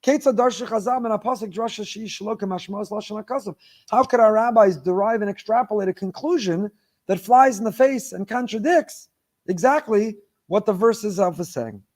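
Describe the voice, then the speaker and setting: Impassioned high-voiced rabbi preaching. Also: male voice, a little fast. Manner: impassioned, rising to near-shouted emphasis; quotes Hebrew verses in a chanting study cadence. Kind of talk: sermon.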